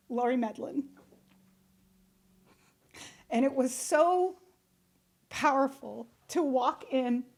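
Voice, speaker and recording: Earnest woman host, fairly high voice. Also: darkish tone. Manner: earnest, emphatic, speaks straight to listeners. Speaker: podcast host. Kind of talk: heartfelt solo podcast monologue. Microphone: studio microphone.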